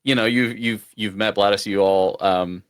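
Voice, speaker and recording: A man's voice: lowish voice, fairly even intonation, moderate pace, smooth. A man hosting as dungeon master, teasing his players playfully and narrating the game.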